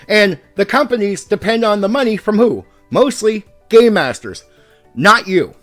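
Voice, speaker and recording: A man with a fairly high voice rants hard at the camera, swearing freely as a longtime game master. He swings between raised and calm speech to drive his points home. Soft music plays faintly underneath. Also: unhurried. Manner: heated and profane, pushing his points hard. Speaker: YouTube host and game master. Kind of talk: ranting commentary to the camera.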